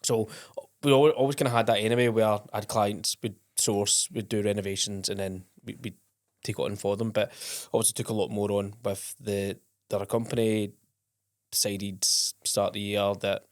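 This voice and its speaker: A man's voice: on the low side, flat delivery, moderate pace, dry recording, studio quality. A man hosting a podcast in casual, rambling chat with many restarts. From Scotland. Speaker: podcast host.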